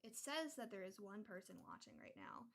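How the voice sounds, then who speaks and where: A woman's voice: mid-range voice, huge pitch swings, normal speed, gravelly. A young woman streaming a game, chatting casually and rambling from story to story. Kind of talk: casual chat while gaming. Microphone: desktop mic with adjustable gain.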